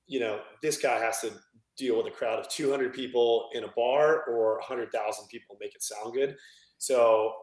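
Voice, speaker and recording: A man being interviewed as a film director, telling stories in a loose, animated way with lots of fillers and laughter. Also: medium pitch, normal speed, roomy sound, rough recording. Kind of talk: casual storytelling interview.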